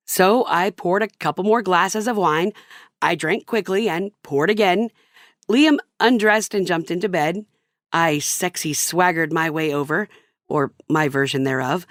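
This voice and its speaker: A woman's voice: mid-range voice, dry recording, studio quality. A middle-aged woman reading her own comic personal story in a wry, self-mocking way. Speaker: narrator.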